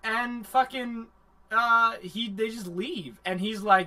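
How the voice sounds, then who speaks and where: A man hosting a livestream anime review, recapping the plot in a rambling, profane, animated way. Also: high-pitched, slow pace.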